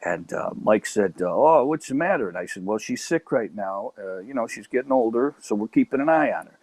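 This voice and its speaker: A man's voice: mid-range voice, fairly quick, no room sound. A man with a Chicago accent telling a comic story as a podcast guest, stammering and acting out the people in it. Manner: animated storyteller, acts out voices, stammers and repeats.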